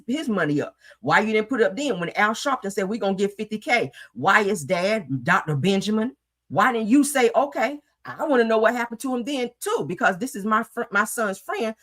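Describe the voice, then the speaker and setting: A woman hosts a heated commentary show, ranting with emphatic, profane outbursts. Her pitch swings widely and her tone is bright and sharp.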